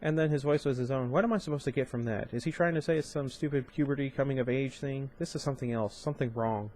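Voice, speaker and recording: A young man reads a novel aloud at home-channel pace, his voice sitting in an ordinary middle pitch. Between passages he drifts into casual commentary, full of ums and restarts. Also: quick pace, darkish tone. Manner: casual, chatty asides with fillers and restarts. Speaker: audiobook reader and channel host. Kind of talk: amateur book reading with commentary.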